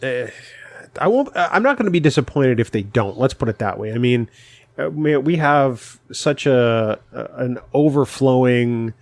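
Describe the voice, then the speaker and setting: A man with a New England accent talks earnestly on a podcast and fills his pauses with ums and uhs. His voice is middle pitched and sounds dry and close to the mic. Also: expressive, no echo. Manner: earnest, teasing, hesitant with fillers. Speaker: podcast co-host. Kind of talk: casual chat.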